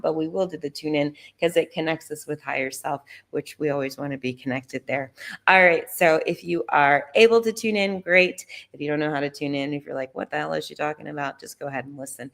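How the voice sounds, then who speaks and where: A woman's voice: deep voice, fast, creaky. A woman who is a holistic doctor, leading a live Kundalini yoga class with casual, chatty instructions and rhythmic chanting.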